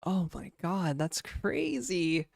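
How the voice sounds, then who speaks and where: A woman game developer with a low, darkish voice chats casually on a livestream at a slow pace, laid-back and talkative, often laughing and saying "like" and "dude." The audio is studio quality with no echo.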